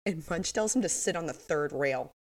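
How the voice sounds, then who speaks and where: A woman's voice: deep voice, animated, moderate pace, a little hiss or hum. A woman co-hosting a podcast, recapping a TV episode in casual chat, laughing often and acting out the characters' lines. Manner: laughs often, acts out quotes. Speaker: podcast co-host.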